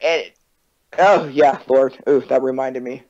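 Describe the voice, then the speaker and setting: A podcast host in casual conversation, telling stories in an animated way and acting out quoted exchanges. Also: medium pitch, a little slow. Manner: animated storyteller, acts out quotes. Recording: dull lo-fi recording.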